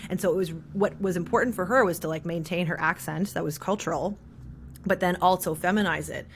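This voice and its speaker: A trans non-binary voice teacher in an interview, explaining how voices are shaped and demonstrating pitch and resonance shifts. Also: fairly quick, gravelly, a bit bright, slight background noise.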